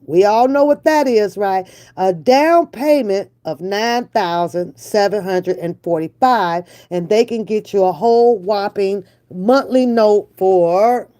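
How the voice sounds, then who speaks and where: A woman's voice: medium pitch, dark tone. A woman hosting a casual reaction vlog, slangy and emphatic, with frequent laughter. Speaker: reaction channel host.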